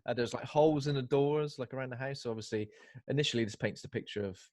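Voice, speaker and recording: Animated man telling stories. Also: mid-range voice, fast, no room sound. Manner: lively storyteller, acts out quotes. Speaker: podcast co-host. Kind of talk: casual film chat.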